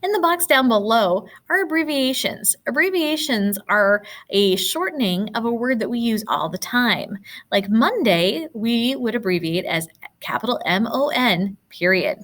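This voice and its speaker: Woman teacher, patient and encouraging, animated pitch, walks kids through answers. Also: a little slow. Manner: patient, encouraging, explaining step by step. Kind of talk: recorded classroom lesson.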